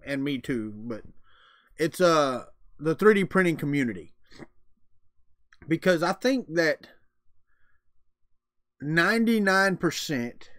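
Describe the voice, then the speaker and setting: A man's voice: on the high side, fairly bright tone, dry recording, studio quality. A middle-aged man, chatting casually on a live stream and answering his chat in a folksy way. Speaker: livestream host.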